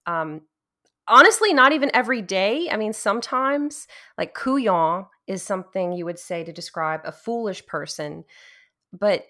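A woman from Louisiana chats casually as a co-host, telling stories with plenty of animation. She laughs often and her voice sits at an ordinary middle pitch. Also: expressive, moderate pace, bright, forceful tone. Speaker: podcast co-host. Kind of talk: casual chat about a video game.

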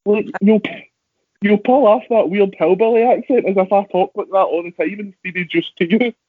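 On this podcast, a young wrestler from Scotland rambles through casual conversation, often poking fun at himself. He speaks at a normal speed in a high, husky voice with fairly even intonation, and the recording is dry and lo-fi, like a phone.

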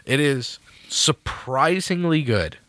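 A man's voice: medium pitch, animated, slow pace, a bit bright, no room sound. A man co-hosting a podcast, chatting casually with lots of swearing. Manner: profane, laughing banter. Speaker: podcast co-host. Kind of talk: casual chat.

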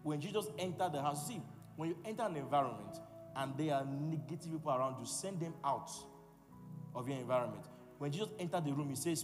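Man, preacher, fairly high voice, long hall reverb, music behind. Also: animated, a little fast. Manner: forceful, repetitive call-and-response preaching. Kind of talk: sermon.

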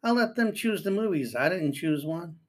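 A man's voice: sits high, lively intonation, moderate pace. An older man, a grandfather, talking casually and at length, reading news aloud and giving earnest advice to parents. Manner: rambling, reads news aloud and reacts. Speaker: commentator. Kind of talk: casual spoken commentary.

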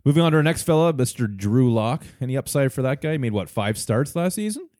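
Canadian man hosting a sports podcast, animated pitch, dry close sound. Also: fast, dry recording. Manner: leads the segments, laughs often. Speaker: podcast host. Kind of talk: casual sports chat.

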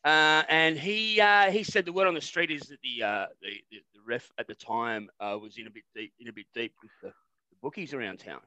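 A man's voice: medium pitch, a little fast, bright, forceful tone, no room sound, low-quality recording. A middle-aged Australian man co-hosting a satirical sports podcast, blokey and jokey, swearing freely and laughing often. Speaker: podcast co-host.

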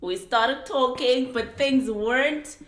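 A woman in her thirties with a Johannesburg South African accent, hosting a casual podcast, lively and teasing, laughing often. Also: sits high, slow, reverberant. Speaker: podcast host.

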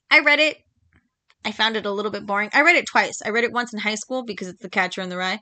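A woman in a talk podcast chats through her opinions in a loose, animated way, dropping filler words and slipping into quick mock voices. Her tone is bright and forward. Her pitch sits in an ordinary middle range for a woman. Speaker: podcast host. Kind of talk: casual opinion monologue.

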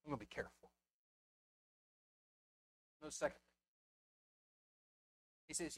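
Man preaching with hushed-to-loud swings. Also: on the high side, takes it slowly, pauses often, breathy edge. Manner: impassioned, swinging from hushed asides to loud emphasis; rhetorical questions to the congregation. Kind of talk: sermon. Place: church before a live congregation.

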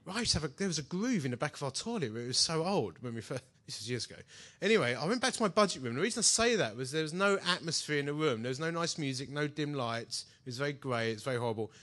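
A man preaches to an audience in a big hall. His voice sits high and sounds bright, and it swings widely in pitch as he tells his story with animated energy. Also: very fast. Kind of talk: sermon with personal testimony. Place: large hall before an audience.

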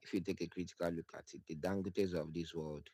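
A man giving a measured, reasoned answer. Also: sits low, fairly even intonation, dark tone, no room sound, clean studio sound. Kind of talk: casual vox-pop answer.

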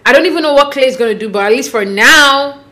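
A woman giving a casual, sassy recap of a reality show, speaking expressively with sudden jumps in pitch. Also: animated, fast, sharp tone.

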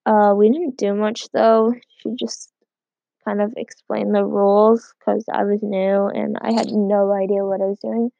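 A woman's voice: medium pitch, level tone, unhurried, creaky, dark tone, dry recording, dull audio. A teenage girl hosting a casual solo podcast from home, rambling and filling every gap with "like". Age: teens. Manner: rambling, heavy use of "like". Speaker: podcast host.

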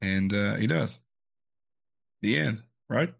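A man's voice: on the low side, animated, gravelly, fairly bright tone, slightly rough. A man co-hosting a casual podcast about comics, laughing often and stumbling a little when reading aloud. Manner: laughs often, reads synopsis haltingly. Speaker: podcast co-host. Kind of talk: casual chat.

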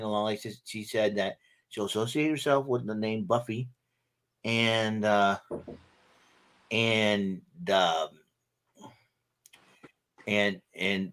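A man chatting casually as a podcast panelist, rambling and halting with many fillers. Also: on the low side, a bit bright. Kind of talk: casual chat.

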